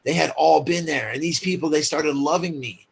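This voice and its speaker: A man's voice: on the high side, moderate pace, creaky, breathy edge. A man as a podcast guest, telling his story in a candid, blunt, profane way, full of "like" fillers.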